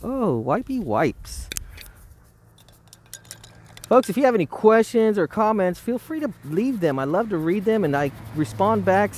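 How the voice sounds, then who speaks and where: Man, slightly high voice, chatty self-talking painter streaming live by a roadside, faint outdoor hum behind. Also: a little mellow. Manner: rambling, talks to himself, chuckles often. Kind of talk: casual live-stream chat while painting.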